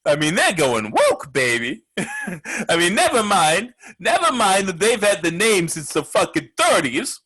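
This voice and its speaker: A man's voice: high-pitched, huge pitch swings, a little slow, pushed and bright, slightly rough, poor audio. A man hosting a comedic sports radio talk show, brash and profane, rambling with lots of filler words.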